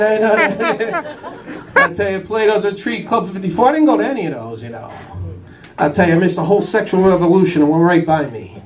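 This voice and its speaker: A man in his fifties doing a stand-up routine on a small cafe stage, forever saying "I'll tell you" between jokes. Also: high-pitched. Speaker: stand-up comedian. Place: small cafe stage before a live audience. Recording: voice from far off in a cafe.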